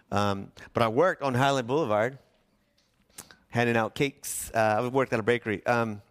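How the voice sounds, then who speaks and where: Smooth-voiced pastor preaching a sermon. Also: male voice, on the high side. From Southern California. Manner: animated storytelling, shifts between fast and slow.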